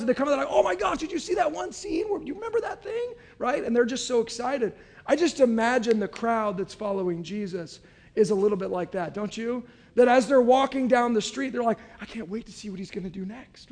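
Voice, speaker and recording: A man with a notably high voice preaches a sermon. He reads a passage aloud, then retells it in expressive storytelling, often turning to his listeners with asides. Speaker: pastor.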